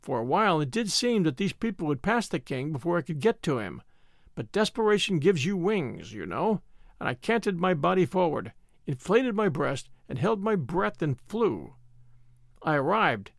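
Male audiobook narrator, wry and humorous, gravelly tone, very dry close sound. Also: a little high, very animated, moderate pace, no room sound. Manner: wry, dryly humorous storytelling. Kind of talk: scripted narration.

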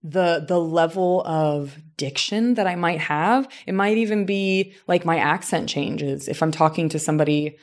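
A woman's voice: lowish voice, normal speed, hardly any pauses. Reflective woman from Southern Indiana. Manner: reflective, animated examples, frequent restarts. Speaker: teacher and voice coach. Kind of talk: casual conversation.

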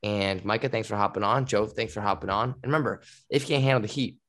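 A young man hosting a podcast, telling a story in a loose, animated way, full of fillers and laughs. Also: lowish voice, fast. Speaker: podcast host. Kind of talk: casual storytelling.

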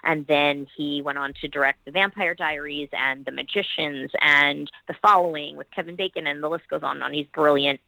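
A woman's voice: low-pitched, fairly even intonation, brisk, gravelly, few pauses, bright, forceful tone, no room sound, poor audio. A middle-aged woman, an actress and producer, talking about her projects in a podcast interview in an enthusiastic, rambling way, full of praise for her colleagues.

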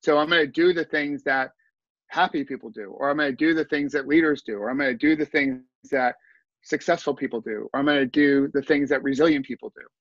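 A man's voice: on the high side, fairly quick, fairly bright tone, no echo, muffled recording. A man talking earnestly as a podcast guest, telling his story with asides and restarts. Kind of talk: conversational storytelling.

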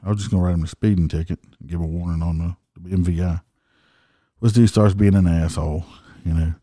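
A man's voice: deep voice, steady tone, fast talker, mellow, dry recording, studio quality. A middle-aged man, a motorcycle cop telling stories bluntly and profanely in a folksy, casual way. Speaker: motorcycle police officer, podcast host. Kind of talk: casual storytelling.

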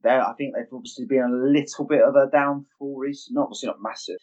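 Man, podcast co-host, emphatic and opinionated, husky voice, dull lo-fi sound. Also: medium pitch, steady tone, quick pace, a little mellow. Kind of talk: casual podcast chat. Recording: dull lo-fi audio.

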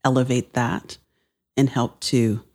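Podcast guest: a woman pastor with a very deep, mellow voice and an earnest, sermon-like delivery. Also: little pitch movement, slow pace. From Canada. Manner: earnest, preaching cadence. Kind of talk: podcast conversation.

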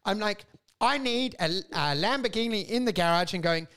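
Guy, high voice, crude ranting podcast co-host who mimics people mid-story. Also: lively intonation, normal speed, a bit bright, clear, resonant tone. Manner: ranting, crude, laughing, acts out quoted voices. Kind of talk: casual chat.

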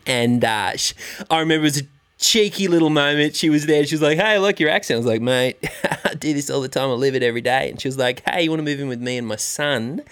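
A man's voice: mid-range voice, smooth, natural voice. A man putting on a cheerful, laid-back Australian bloke with a breezy, chummy manner in an improvised comedy sketch. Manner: breezy, chummy, says "mate" a lot.

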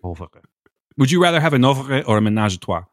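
A man's voice: medium pitch, very animated, quick pace, no room sound, studio quality. A man co-hosting a podcast in casual banter, profane and teasing, laughing often. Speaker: podcast co-host.

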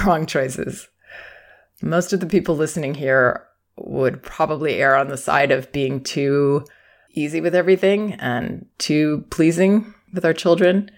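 Woman, podcast host, calm and reassuring parenting-advice talker. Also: sits low. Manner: warm, reassuring, acts out quoted phrases. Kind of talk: advice talk.

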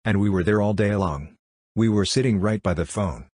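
A man with a very low, husky voice reads short ghost stories aloud. He keeps a steady, even storytelling pace. The recording is dry and close, with no room sound. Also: normal speed, no room sound. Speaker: narrator.

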